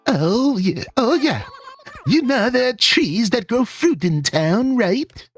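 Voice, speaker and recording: A man's voice: very high voice, big pitch swings, takes it slowly, faint music behind, pitched above the performer's own voice, heavily acted. A man voicing a friendly female cat villager from a video game, in a sing-song, cheerful advice-giving way. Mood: chirpy. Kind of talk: reading game dialogue aloud.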